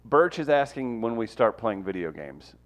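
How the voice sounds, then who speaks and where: A man hosting a casual podcast, teasing his co-hosts with quick, animated asides. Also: medium pitch. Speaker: podcast host.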